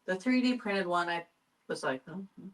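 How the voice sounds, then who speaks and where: A young woman with Mexican roots co-hosting a podcast in casual chat, acting out little stories with lively voices. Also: fairly low pitch, normal speed, distant mic. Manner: animated, acts out phone calls in different voices. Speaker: podcast co-host.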